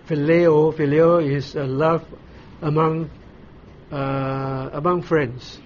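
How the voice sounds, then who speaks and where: Pastor, male, higher-pitched voice, unhurried teaching sermon, muffled recording with faint noise. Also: little pitch movement. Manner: explains slowly, pauses often with "uh", asks the listeners questions.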